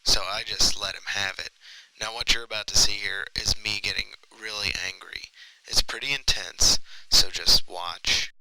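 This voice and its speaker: A man's voice: lowish voice, fairly even intonation, normal speed, bright, forceful tone, low-quality recording. A male comedian giving a casual, mock-serious intro to the camera.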